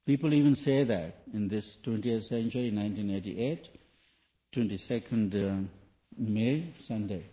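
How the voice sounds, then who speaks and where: A man's lowish, mellow voice moves at a measured pace as he gives a sermon to an audience. He is a spiritual teacher who asks rhetorical questions in loose, non-native wording, and the recording is dull lo-fi 1980s tape.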